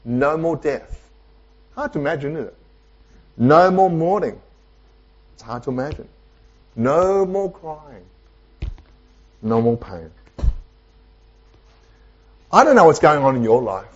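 A male pastor delivering a sermon in a church, preaching emphatically with repetition and dramatic pauses. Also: on the high side, animated, highs cut off. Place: church with online Zoom audience.

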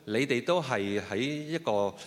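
A man's voice: medium pitch, animated, a little slow. Hesitant male interpreter in a reverberant hall. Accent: Cantonese. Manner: hesitant, with frequent fillers and restarts. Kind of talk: consecutive sermon interpretation. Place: church hall.

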